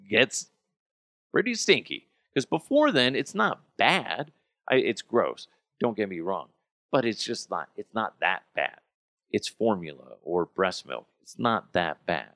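A man's voice: fairly low pitch, sing-song, unhurried, a bit bright, no echo, clean studio sound. A man in his thirties hosting a podcast, telling rambling stories in a casual, self-amused way. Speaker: podcast host. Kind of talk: casual chat.

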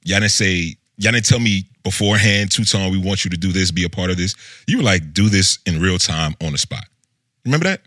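A man co-hosting a casual chat, laid-back and animated, full of slang. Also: low-pitched, a little fast, dry recording, clean studio sound. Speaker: co-host.

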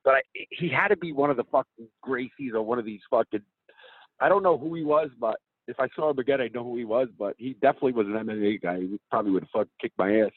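A man guest telling a profane, animated story in a casual chat. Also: medium pitch, fast talker, no room sound, phone-quality sound. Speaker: comedian guest.

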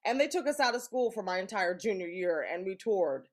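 Animated woman telling stories with laughs. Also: medium pitch, brisk. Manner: animated, laughs often, acts out quotes. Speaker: guest actor. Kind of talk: casual interview storytelling.

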